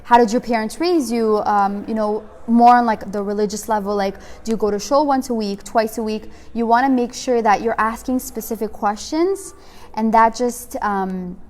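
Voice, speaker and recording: Somewhat high-pitched yet darkish in tone, this young woman speaks at a moderate pace while teaching a women's class. She chats loosely, full of "like" and "you know," and often plays out little conversations.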